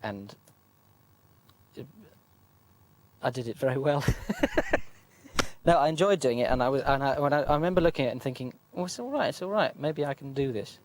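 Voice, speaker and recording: A man's voice: medium pitch, moderate pace, pauses often, slight background noise. A man, a comedy actor, speaking wryly and self-mockingly in a documentary interview.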